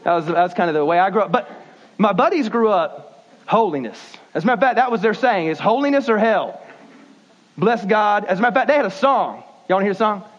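A man preaching a sermon, animated and folksy, shifting his pace suddenly. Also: sits high, fast. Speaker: pastor. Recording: dull lo-fi sound.

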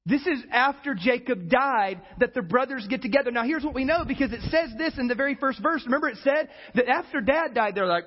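A pastor preaching a sermon in an animated way, acting out the people in his story as he goes. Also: very high voice, moderate pace, lo-fi sound. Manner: animated preacher, acts out quoted voices.

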